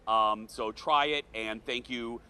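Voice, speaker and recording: A man from the American South hosting a morning TV show outdoors at a fair, earnest and emotional, speaking slowly. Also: mid-range voice, fairly even intonation, pushed and bright, clean tone. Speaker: TV show host. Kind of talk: morning TV chat. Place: outdoor state fair set.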